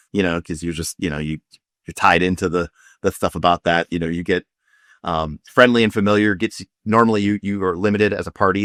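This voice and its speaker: Rambling low-voiced man running a tabletop game. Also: a bit bright, dry recording, clean studio sound. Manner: rambling, many fillers and restarts. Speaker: game master. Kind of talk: casual tabletop game chat.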